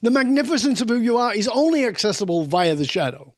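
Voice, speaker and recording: An older man, a leadership mentor, telling candid personal stories emphatically in conversation, sometimes swearing and dropping low and soft. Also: sing-song, fast, no echo, clean studio sound.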